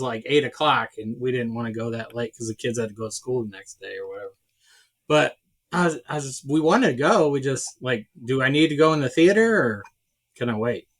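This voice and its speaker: A man's voice: medium pitch, brisk, fairly bright tone. A man in his thirties co-hosting a podcast, a father talking casually and laughing along with his friend. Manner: laid-back, laughs along. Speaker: podcast co-host. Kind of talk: casual chat.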